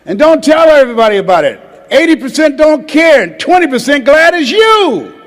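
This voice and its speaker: Older male motivational speaker, high voice, call-and-response with the crowd, long reverb of a large hall. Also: big pitch swings, normal speed. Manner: call-and-response, asks the crowd to raise hands and repeat lines; swings from loud exhortation to low, quiet storytelling. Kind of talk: motivational speech to a live audience. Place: large hall with a live audience.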